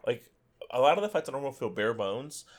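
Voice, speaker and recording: A man co-hosting a casual gaming podcast, talking excitedly and laughing often, on a headset mic. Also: medium pitch, fairly quick. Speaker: podcast co-host.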